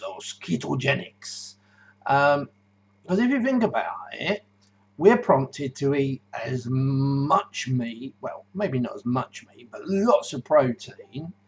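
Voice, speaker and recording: A man's voice: medium pitch, highs cut off. A man, rambling and joking through a casual video diary about his diet, full of ums and uhs. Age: 50s. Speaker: keto diet vlogger.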